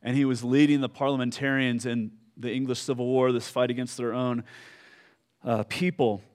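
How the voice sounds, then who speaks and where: A man preaching a sermon, telling a story slowly with fillers and pauses, dropping soft at solemn moments. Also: medium pitch, level tone. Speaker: pastor.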